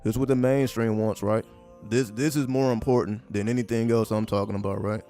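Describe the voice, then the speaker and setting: A man with a fairly low voice riffs through a casual livestream, swearing freely and tossing out sarcastic questions again and again. Faint music plays beneath him. His talk is loose and repetitive, and he keeps circling back to "right?". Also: fairly even intonation, brisk, mellow. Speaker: livestream commentator. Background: faint background music.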